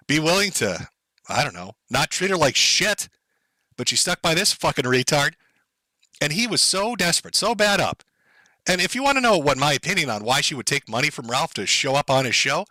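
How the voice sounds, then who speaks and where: A man's voice: high voice, bright, forceful tone, no room sound, rough recording. A man live-streaming sarcastic, profane commentary, mocking and sardonic as he reacts to clips.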